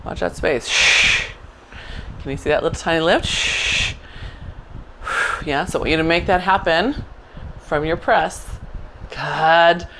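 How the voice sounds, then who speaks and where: A middle-aged woman teaching a Pilates mat class, giving quick encouraging cues and praising often. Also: deep voice, pushed and bright, slight background noise. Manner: encouraging, upbeat cues with frequent "good". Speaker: Pilates instructor. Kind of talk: live online class instruction.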